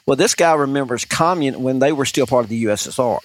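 A man's voice: mid-range voice, lively intonation, quick pace. A man co-hosting a podcast, telling a rambling story in casual chat, full of restarts and fillers. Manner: chatty, many restarts and fillers. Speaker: podcast co-host.

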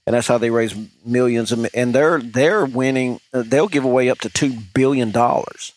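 A man's voice: mid-range voice, normal speed. A man co-hosting a podcast, telling a rambling story in casual chat, full of restarts and fillers. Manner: chatty, many restarts and fillers. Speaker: podcast co-host.

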